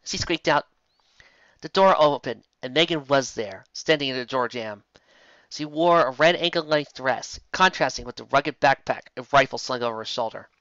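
A woman reading fan fiction aloud in a lively storybook narration with casual asides. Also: a bass voice, moderate pace, no echo. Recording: dull lo-fi dry home recording.

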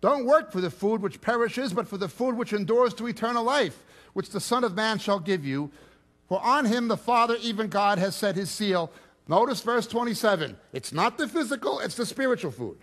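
Man, Bible teacher, fairly high voice, forceful emphatic stress, reading verses and explaining them. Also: lively intonation, normal speed. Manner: emphatic, rising and dropping sharply for stress; reads scripture aloud and then explains it.

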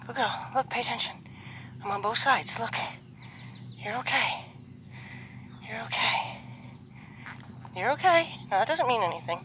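A horse trainer speaking outdoors, softly reassuring a nervous horse over and over and now and then explaining her training to the camera. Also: fairly high pitch, very animated, a little slow, pauses often, slight background noise. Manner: soft, reassuring repetition to a horse.

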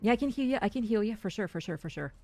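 Talking very fast at a medium pitch, this young gaming streamer offers casual, excitable commentary on her play. She chats with her teammates and tends to say things more than once.

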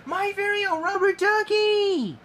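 An eager little boy, as a man acts him out. His voice is high and whiny and jumps around with excitement, in a slow storybook read. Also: heavily acted. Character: eager little boy who loves toy ducks.

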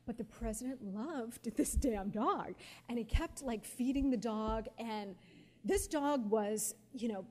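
A woman in her forties, a guest speaker telling stories at a live question-and-answer session, animated and laughing often with lots of casual fillers. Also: on the high side. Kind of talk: storytelling at a live Q&A.

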